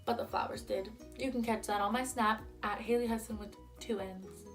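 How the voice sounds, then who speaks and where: A woman's voice: mid-range voice, fairly even intonation, normal speed, faint music behind. A woman in her twenties telling a personal story in a casual vlog, chatty and a little tipsy, often saying "like" and acting out what others said. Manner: chatty, lots of "like", acts out quotes. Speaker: vlogger.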